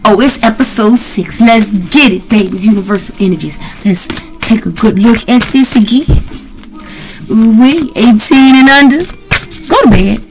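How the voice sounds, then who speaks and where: A woman's voice: a little high, normal speed, darkish tone, low-quality recording. Brash, profane woman reading tarot. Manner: brash, profane, rowdy and playful. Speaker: tarot reader.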